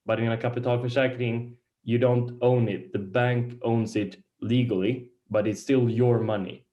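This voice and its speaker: A man whose first language is Swedish gives a beginner lecture on investing, pausing often and searching for words. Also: mid-range voice, steady tone, lo-fi sound. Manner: halting, searches for words, many restarts. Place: lecture room.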